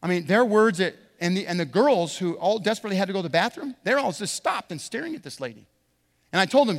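High-voiced pastor preaching in a hall. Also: male voice, quick pace. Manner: animated storyteller, preaching with rising emphasis. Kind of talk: sermon with a personal story. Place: church sanctuary.

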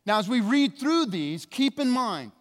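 Man, pastor, sermon, emphatic, drawn-out stresses, high voice, long church-hall reverb. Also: sing-song. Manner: emphatic, with slow drawn-out stresses and wide swings in loudness.

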